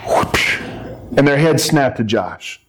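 A man's voice: fairly high pitch, a little slow, low-quality recording. A middle-aged male preacher giving a sermon, retelling a story with playful asides and acted-out voices. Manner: animated storytelling, acting out voices and yells.

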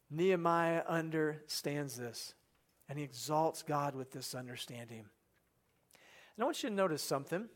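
A man preaching a sermon in an earnest way, asking the listeners questions and dropping soft and low for quoted prayers. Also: animated, brisk. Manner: asks the congregation rhetorical questions. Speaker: pastor.

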